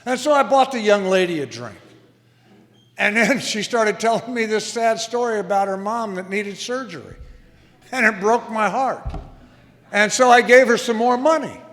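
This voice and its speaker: In a meeting hall with long reverb, a man in his sixties shares his story at a recovery meeting with wry self-mockery. He speaks at normal speed in a high, expressive, fairly bright voice.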